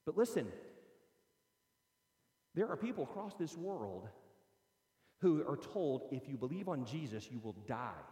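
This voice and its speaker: A man preaching a sermon as pastor, swinging between loud, high proclaiming and low, quiet asides. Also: sing-song, a little slow, long pauses. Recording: roomy hall with long reverb.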